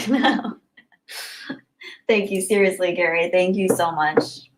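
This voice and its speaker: A woman's voice: lowish voice, takes it slowly, pauses often, rough recording. Young woman, livestream host, casual chat, bubbly, effusive, laughs often. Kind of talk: casual live-stream chat.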